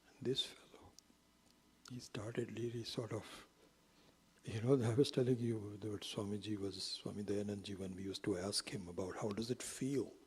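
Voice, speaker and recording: Very husky man teaching in a reverberant hall. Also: on the low side, steady tone, moderate pace, a little mellow. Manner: drops into whispered asides, acts out quotes. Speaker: spiritual teacher. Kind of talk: storytelling lecture.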